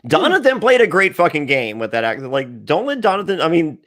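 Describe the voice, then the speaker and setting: A man as guest on a podcast, chatting casually in an animated way, swearing and often laughing. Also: on the high side, fairly quick, no room sound.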